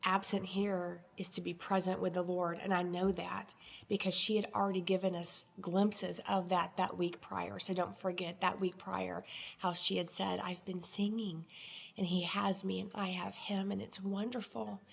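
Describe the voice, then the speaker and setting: Woman vlogger, gravelly, dull lo-fi sound, emotional halting storytelling. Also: lowish voice, flat delivery. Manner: emotional, halting, with many fillers. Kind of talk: personal video journal, storytelling.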